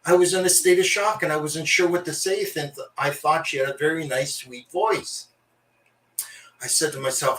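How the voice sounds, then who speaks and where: A man's voice: fairly high pitch, moderate pace, fairly bright tone. Canadian man hosting, roomy and distant. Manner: jokey, mimics callers and accents. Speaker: comedy show host. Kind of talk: stand-up style storytelling with put-on voices. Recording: roomy sound from away from the mic.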